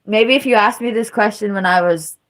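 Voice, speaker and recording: A woman's voice: medium pitch, a little fast, fairly bright tone. Rambling self-mocking woman in her thirties. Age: 30s. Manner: rambling, self-mocking storytelling with bursts of laughter. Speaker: livestreamer. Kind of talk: casual live-stream monologue.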